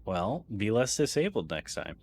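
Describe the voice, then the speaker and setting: A man's voice: lowish voice, very animated, normal speed, gravelly, a little mellow. A man streaming a game and chatting casually with friends, joking and laughing as he talks. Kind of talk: casual gaming chat.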